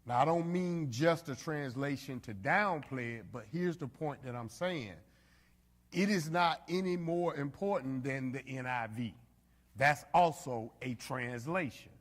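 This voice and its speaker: A man leads a Bible study in a casual, conversational way, pausing on fillers and checking in with the group. His voice sits at an ordinary middle pitch. The sound carries a long reverberant tail, as if recorded in a church meeting room. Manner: conversational, frequent fillers, addresses the group directly. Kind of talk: informal Bible study teaching. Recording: reverberant hall.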